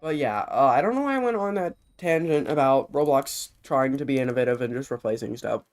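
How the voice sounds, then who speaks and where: A young man with a medium-pitched, brisk voice streams his gameplay and comments casually. He rambles, cuts himself off, sounds short of breath, and stays animated.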